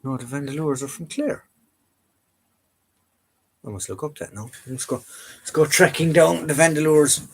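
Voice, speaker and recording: A man's voice: a little high, normal speed, gravelly, pauses often, a little mellow, slight background noise. A man with an Irish accent hosting a casual live chat from home, rambling and chatty with lots of fillers and restarts. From Ireland. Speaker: live-stream host. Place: home room full of collectibles.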